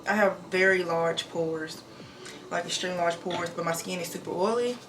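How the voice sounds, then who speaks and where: Young woman rattling off her get-ready routine, barely pausing for breath, soft music under it. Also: on the low side, steady tone. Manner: talks fast without pauses, breathy between sentences. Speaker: nurse vlogger. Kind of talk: casual get-ready-with-me vlog. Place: home bathroom. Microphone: camera mic.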